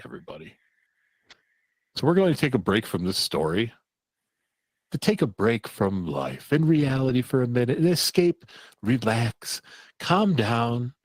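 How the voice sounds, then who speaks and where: A man's voice: mid-range voice, no room sound. A man hosting a casual talk show, reading odd news stories aloud, loose and profane and laughing at the material. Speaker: podcast host.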